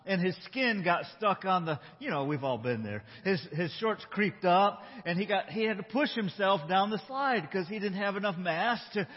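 A man pastor preaching a sermon in a conversational tone, slowing down for emphasis. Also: sits high, husky, big-room sound, muffled recording. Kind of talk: sermon with a storytelling opening.

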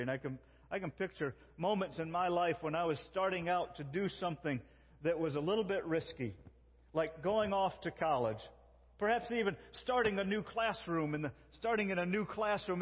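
A man preaching a sermon in an earnest way, slowing down to quote God's words. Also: high-pitched, husky, in a large hall, highs cut off. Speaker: pastor.

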